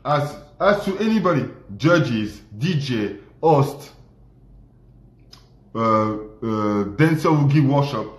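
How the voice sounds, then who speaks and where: A man's voice: mid-range voice, animated, slow pace. A man on a livestream speaking emphatic, repetitive, non-native English. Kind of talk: livestream rant. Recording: roomy echo.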